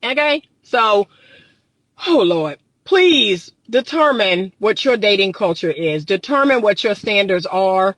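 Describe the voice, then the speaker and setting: A woman's voice: medium pitch, animated, slow, no room sound. A woman relationship coach, giving an emphatic live-streamed talk and repeating her points for emphasis. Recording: dry close phone mic.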